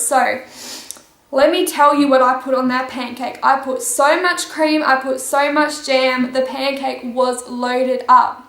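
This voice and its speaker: A woman vlogger chatting through a storytime in a lively, animated way, with a laugh now and then. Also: high voice, a little slow, echoey room. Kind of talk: casual storytime.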